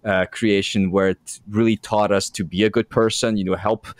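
A man with a fairly low voice co-hosts a podcast, asking meandering, halting questions. The sound is dry and close, with no room echo. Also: flat delivery. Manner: rambling, many fillers and restarts. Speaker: podcast co-host. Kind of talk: interview conversation.

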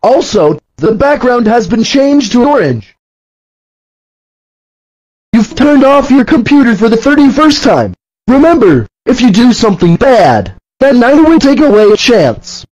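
A man's voice: big pitch swings, measured pace, darkish tone, exaggerated voice. A man voicing a bossy purple dinosaur who scolds and threatens, in a fan-made cartoon with dull, lo-fi sound. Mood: furious. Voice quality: very high-pitched. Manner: scolding, threatening, repeating rules. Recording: dull lo-fi audio.

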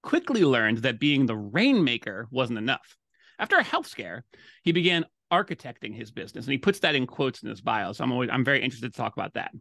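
Chatty podcast host guy, happy and gushing, mid-pitch voice, dead dry mic. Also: big pitch swings, fairly quick, vocal fry, pushed and bright, no echo. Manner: cheerful, effusive. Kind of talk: podcast interview.

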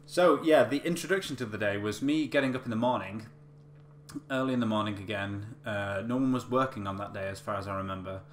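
A man's voice: lowish voice, a little fast. A man chatting casually to camera, telling a story with many fillers and restarts. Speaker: vlogger. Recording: echoey room with faint hum.

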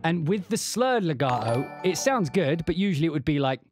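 A man's voice: a little high, very animated, brisk. Man rambling through a music demo. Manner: rambling, hums and scats rhythms aloud. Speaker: composer demonstrating a sample library. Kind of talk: casual livestream walkthrough. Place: home studio at a keyboard.

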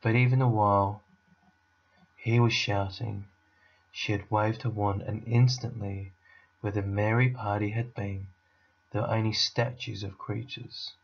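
Slow, low-voiced man reading a story aloud. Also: gravelly, husky, highs cut off. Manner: steady, unhurried storytelling. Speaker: teacher reading to a class. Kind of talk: reading a children's novel aloud.

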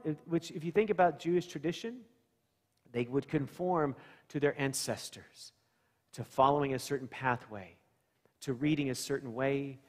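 In a church sanctuary, a male pastor with a mid-range voice gives a conversational sermon that echoes through the large hall. He asks the congregation questions and acts out scenes.

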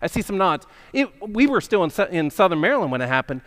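A male pastor retelling a story in a church, conversational and animated, often checking in with listeners. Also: high voice, fast talker. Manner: conversational, animated, asks the congregation "right?". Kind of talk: storytelling sermon. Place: church sanctuary.

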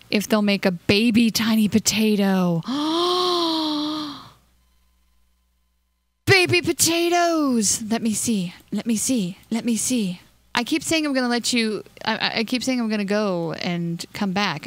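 A young woman chats her way through a game session, talking fast and scattered and giggling as she goes. She slips into a high cooing voice for the cute creatures on screen. Her voice sits in a middle pitch, recorded close and dry. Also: dry recording. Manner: hyper and scattered. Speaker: let's play host. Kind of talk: casual gameplay commentary.

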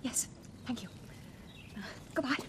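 A young actress playing a shy nineteen-year-old girl with a Yorkshire accent, hesitant and soft-spoken, in a 1970s period drama. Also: a little slow, heavy background noise, natural voice. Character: shy young woman at a finishing school.

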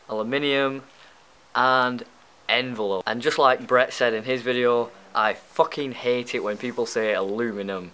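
A man's voice: mid-range voice, pushed and bright, smooth, low-quality recording. A young man with a Lancashire accent, chatting casually and bluntly in a vlog, swearing now and then. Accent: northern English, Lancashire. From Lancashire, England. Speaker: YouTube vlogger. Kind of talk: casual chat, doing a tag video.

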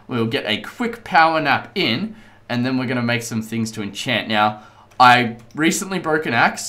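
A man casually commenting on his own gameplay as host, chatty, rambling and excitable. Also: mid-range voice. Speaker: let's play host.

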